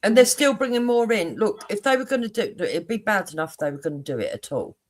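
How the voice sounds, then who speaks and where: A man in a casual group chat who keeps arguing his point earnestly. His voice sits a little high for a man. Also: expressive, quick pace.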